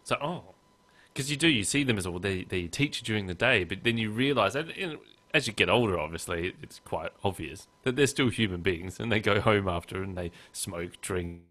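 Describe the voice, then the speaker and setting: A man's voice: fairly low pitch, normal speed, a bit bright. A man hosting a podcast in casual chat, joking and reading texts aloud in mock voices. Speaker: podcast host.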